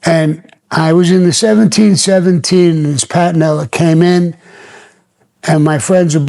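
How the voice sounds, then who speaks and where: A man's voice: a little high, fairly even intonation, a little slow, creaky, a little mellow. An older man telling his own stories on his podcast, blunt and plainspoken with plenty of profanity. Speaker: podcast host. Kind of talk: storytelling podcast.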